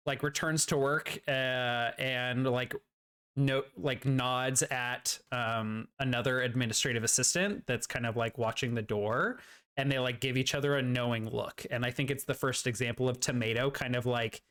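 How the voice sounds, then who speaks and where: A man's voice: medium pitch, fairly bright tone, clear, resonant tone. A man narrating as game master, rambling and searching for words with lots of fillers.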